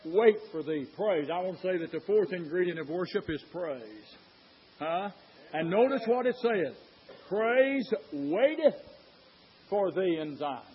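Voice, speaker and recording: A man preaching a sermon in church, fervent and rising to shouts, firing rhetorical questions at the congregation. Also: high-pitched, husky. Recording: dull lo-fi sermon recording.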